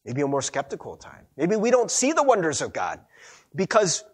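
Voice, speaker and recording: A young man preaching a sermon as a pastor, telling stories in a chatty, animated way with frequent laughs and a husky voice. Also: on the high side, normal speed.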